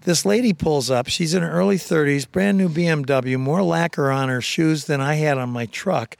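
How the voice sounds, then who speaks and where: A man co-hosting a casual on-location interview, telling animated stories and joking with his guest. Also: on the high side, vocal fry, no room sound, studio quality. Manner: animated storyteller, quick jokes and impressions. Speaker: radio show co-host.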